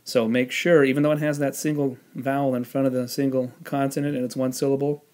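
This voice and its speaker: A man teaching a spelling lesson, explaining the rules patiently step by step and pausing on the odd "um". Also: mid-range voice, flat delivery, darkish tone. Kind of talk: spelling lesson with classroom instructions.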